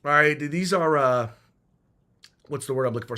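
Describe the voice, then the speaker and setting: A man's voice: a little high, big pitch swings, a little fast, bright, forceful tone. Emphatic male podcast host. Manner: emphatic, with frequent restarts. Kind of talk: political commentary podcast.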